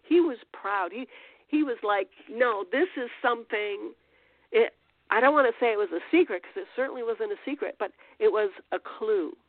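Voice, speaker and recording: A woman's voice: on the high side, brisk, no room sound. Woman podcast host, casual faith teaching, rambling, phone-line audio, dry. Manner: conversational, rambling with restarts and fillers. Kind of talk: informal spiritual teaching.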